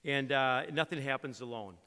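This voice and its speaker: Middle-aged guy giving a folksy award speech, bright forceful voice, big hall echo. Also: medium pitch, normal speed, clear, resonant tone. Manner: earnest, folksy, uses an acronym and jokes. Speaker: credit union executive giving an award speech. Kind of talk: motivational acceptance speech. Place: large event hall. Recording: reverberant banquet hall.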